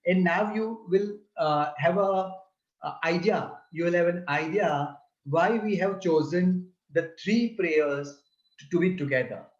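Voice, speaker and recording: Male religious teacher, unhurried and deliberate, recorded in a roomy space with muffled sound. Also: high-pitched. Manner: deliberate, repeats and spells out syllables. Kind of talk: slow explanatory lesson. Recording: roomy, slightly dull sound.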